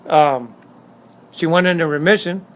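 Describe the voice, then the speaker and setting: Unhurried and a bit bright, this middle-aged man's high-leaning voice carries a Southern Californian accent. He tells blunt, streetwise stories with emphatic repetition during a casual interview at his motorcycle shop, and the recording is rough.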